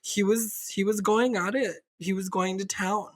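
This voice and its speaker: A young woman spins a candid story for her podcast, rambling with plenty of fillers and casual swearing. Her voice sits at an ordinary middle pitch. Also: steady tone, normal speed. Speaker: podcast co-host.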